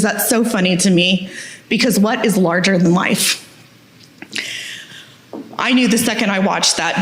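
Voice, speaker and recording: A woman giving a candid, self-deprecating talk on stage, telling her story with humor. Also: mid-range voice. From Texas. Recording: echoey hall.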